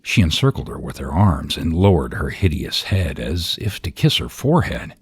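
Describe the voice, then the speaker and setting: A man narrating a ghost story in a slow, hushed, partly whispered delivery. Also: extremely low pitch, very animated, husky.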